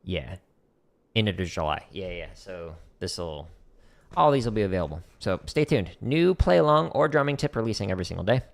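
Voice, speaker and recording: A man with a lowish voice runs a relaxed drum practice stream from his practice room. There is a gravelly fry in his tone as he chats through exercises and calls out counts and patterns. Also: normal speed. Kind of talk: casual live-stream teaching.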